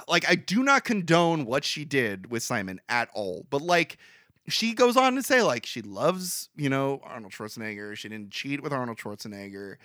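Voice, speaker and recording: A young man co-hosting a podcast, recapping a movie in rambling, animated casual chat with frequent laughs. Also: mid-range voice, normal speed, no echo, clean studio sound.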